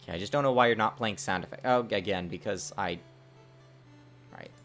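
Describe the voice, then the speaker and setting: A man streaming his game development work, talking to himself in a lively, self-mocking way. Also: on the low side, fairly quick, faint music behind. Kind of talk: casual livestream dev commentary.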